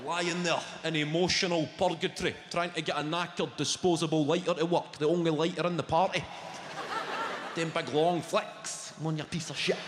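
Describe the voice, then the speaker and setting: A man's voice: fairly high pitch, flat delivery, normal speed, noisy background. A man with a Scottish accent doing a stand-up comedy set on stage at a large live venue, telling brash, profanity-laced stories and slipping into acted-out voices. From Scotland. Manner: sweary, brash storytelling that slips into acted-out voices. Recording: echoey hall with loud ambience.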